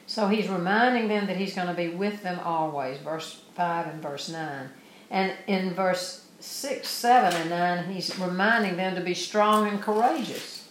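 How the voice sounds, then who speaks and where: A woman's voice: on the low side, unhurried, echoey room, a little hiss or hum, poor audio. A woman preaching a sermon, reading scripture verses aloud and then explaining them earnestly.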